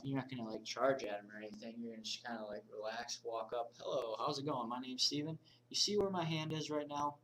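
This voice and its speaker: Energetic man teaching casually. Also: mid-range voice, distant mic, slight background noise, low-quality recording. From United States. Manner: energetic, informal, moves around and gestures while talking. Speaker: body language instructor. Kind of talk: casual video lesson.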